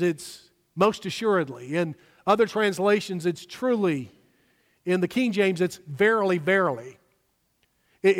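Delivering a sermon in a raised, high-pitched voice, a pastor hits hard on the words he wants to land, slowing down for emphasis. The long reverb of a large church hall surrounds his speech.

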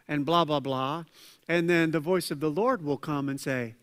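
A man preaching a conversational sermon as pastor, acting out quoted voices with lively asides. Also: a little high, normal speed. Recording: long hall reverb.

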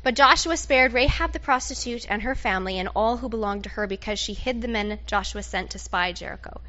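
High, bright-voiced woman preacher. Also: brisk, dull audio. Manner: animated, playful, directs the audience and makes trumpet sounds. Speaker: preacher leading an interactive Bible story. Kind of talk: lively sermon with audience participation.

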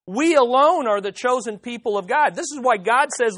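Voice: medium pitch, animated, a little fast, hardly any pauses, a bit bright. A preacher delivering an expository sermon, speaking emphatically, repeating key points and often restarting phrases.

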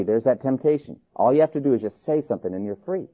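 An animated male lecturer whose pitch swings widely as he reads old accounts and acts out bits of dialogue. The sound is thin and tinny, like a phone line. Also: fast talker. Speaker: teacher of church history. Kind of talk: classroom lecture.

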